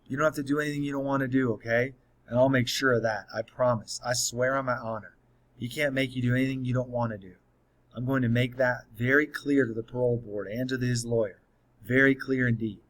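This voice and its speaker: A man's voice: mid-range voice, fairly even intonation, a little fast, a bit bright, close to an everyday voice. A man reading an audiobook, voicing a kind, earnest middle-aged woman principal who speaks in a soothing, firm way. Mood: reassuring. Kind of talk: audiobook character voice.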